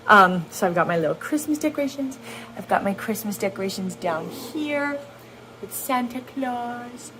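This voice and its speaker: A woman's voice: mid-range voice, expressive, moderate pace, background noise. A young woman in her twenties telling a story to camera at home, chatty, laughing often and full of ums and likes, filmed on a handheld camera. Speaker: vlogger. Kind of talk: casual vlog storytelling. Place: at home indoors. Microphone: handheld camera on a gimbal.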